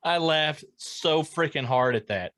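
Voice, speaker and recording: A man's voice: a little high, lively intonation, measured pace, a bit bright, no echo. A man co-hosting a podcast in casual chat, laid-back with dry jokes and short agreeing replies. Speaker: podcast co-host.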